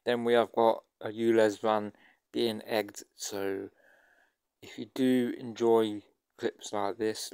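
A man hosting his channel, giving a relaxed, casual intro directly to viewers. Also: fairly low pitch, smooth, no echo, studio quality. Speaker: channel host.

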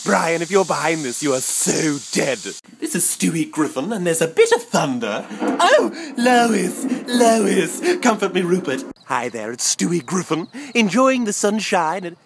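A man's voice: high voice, big pitch swings, a little slow, few pauses, a little hiss or hum, exaggerated voice. A man putting on the voice of a bratty, scheming baby boy with a posh English accent, haughty and theatrical. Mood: pompous. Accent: put-on posh English. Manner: haughty, theatrical, sudden squeals. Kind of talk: comedy sketch impression.

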